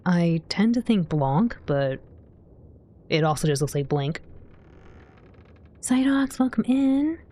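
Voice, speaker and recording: A woman's voice: on the low side, sing-song, slow pace, pauses often, warm tone. A woman livestreamer chatting casually with her viewers as she plays, giggling often and reading their messages aloud. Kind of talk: casual game commentary to chat.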